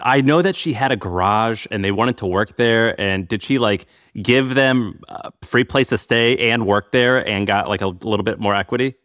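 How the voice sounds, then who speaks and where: A man co-hosting a podcast, reacting with quick teasing remarks and questions in casual chat. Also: fairly low pitch, a bit bright, no echo, studio quality. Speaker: podcast co-host.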